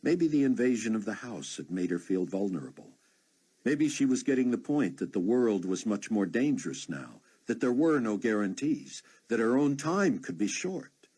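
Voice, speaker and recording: A man narrating an unabridged audiobook in a steady storytelling manner. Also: on the low side, moderate pace, breathy edge. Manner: steady storytelling with many voiced characters.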